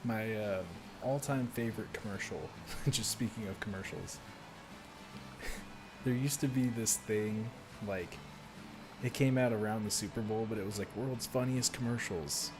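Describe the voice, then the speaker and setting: Low-voiced rambling streamer guy. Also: normal speed, over music. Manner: rambling, laughs often. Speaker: game streamer. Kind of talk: casual live-stream chat.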